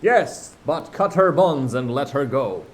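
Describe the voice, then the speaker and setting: A man's voice: medium pitch, lively intonation, measured pace, voice pushed up, natural voice. A man reading a children's book aloud, voicing a boy who imitates a fierce pirate captain with commanding, bellowed orders. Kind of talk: audiobook character voice.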